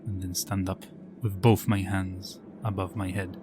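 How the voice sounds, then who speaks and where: A man playing a tabletop game, describing his actions in low, quiet asides. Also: level tone, measured pace, music in the background. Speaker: player.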